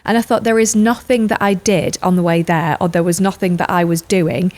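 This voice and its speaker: A woman's voice: on the low side, steady tone, a little fast, a little mellow. A woman, telling stories in a casual chat and acting out what people said. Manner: chatty storyteller, acts out quotes. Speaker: podcast co-host or guest.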